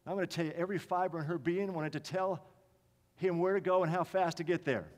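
A man preaching a sermon with passion, swinging from emphatic lines to quiet ones. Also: high-pitched, a little fast. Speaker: pastor. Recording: long reverb of a large hall.

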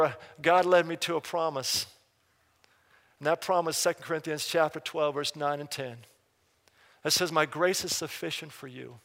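A man preaching a sermon as pastor, reading scripture slowly and swinging from loud urgent bursts to hushed emphasis. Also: on the high side. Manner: reads scripture slowly and deliberately. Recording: live hall reverb.

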